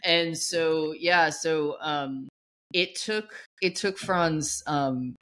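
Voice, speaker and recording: A woman's voice: sits low, very slow, a bit bright. A woman cohosting a podcast, telling stories in a rambling, casual way, full of "like" and "you know". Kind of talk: casual storytelling chat.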